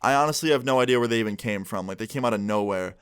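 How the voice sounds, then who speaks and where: A young man telling a story-time vlog in a casual, joking way, swearing freely and getting animated. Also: fairly low pitch, rapid-fire, smooth. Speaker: storyteller vlogger.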